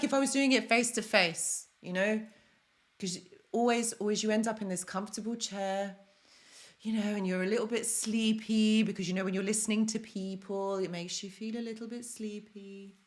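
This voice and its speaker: A woman's voice: mid-range voice, normal speed. A woman hosting a live stream, talking casually and emphatically to her viewers. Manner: emphatic and excitable, addressing viewers directly. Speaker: host of a live stream on toxic relationships.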